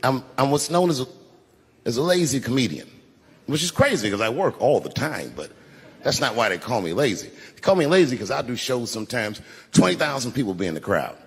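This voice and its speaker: A man's voice: mid-range voice, very animated, fairly quick, a bit bright. A man in his forties doing a laid-back, self-deprecating stand-up set on a stage before a large audience. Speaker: stand-up comedian. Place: large venue with a crowd. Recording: live hall with crowd noise. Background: audience laughter.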